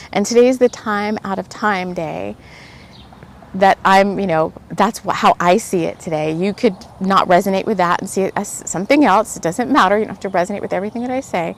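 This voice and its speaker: A woman hosting a spiritual podcast, telling stories in a rambling, animated way with lots of fillers and laughs. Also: mid-range voice. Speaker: podcast host. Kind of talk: casual spiritual podcast chat.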